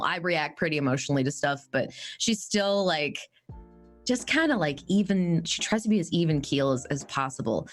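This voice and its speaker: Woman, casual live Q&A panelist; rambling, animated, swears a lot, fills gaps with "like". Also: lowish voice. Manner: rambling, animated, swears freely, lots of fillers. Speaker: actual-play podcast cast member.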